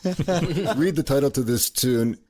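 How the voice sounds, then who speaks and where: A man's voice: mid-range voice, lively intonation, slow, a little mellow. A man hosting a music podcast, interviewing band members in a casual, friendly way. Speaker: podcast host.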